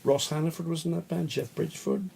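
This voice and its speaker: A middle-aged Australian man, a bass player, telling rambling anecdotes in a casual interview, often laughing. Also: fairly even intonation, fast, creaky, a little mellow, a little hiss or hum. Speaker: guest musician, bass player.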